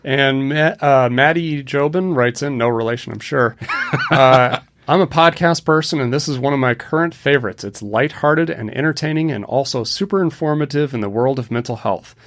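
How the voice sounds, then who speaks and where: A man's voice: mid-range voice, normal speed, a bit bright. A man co-hosting a counseling podcast who reads reviews evenly and teases his partner drily. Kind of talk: casual podcast chat.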